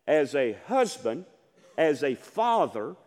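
An older man preaches from the pulpit in a high, animated voice that leaps around as he drives home each repeated line. His sermon rings with a long hall reverb. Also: takes it slowly. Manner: impassioned preaching, repeats phrases, rising to shouted emphasis. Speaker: pastor.

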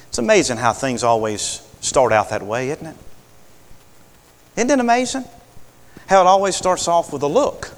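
A preacher delivering a sermon, folksy and animated, his voice climbing high and swooping widely. The sound carries the long echo of a big hall, and he keeps asking for amens. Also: normal speed, long pauses.

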